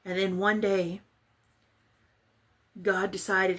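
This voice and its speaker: Working on a craft project, a Texan woman vlogger rambles along chattily and makes self-deprecating remarks. Her medium-pitched voice is fairly bright and slightly rough, with a flat delivery, a slow pace and frequent pauses.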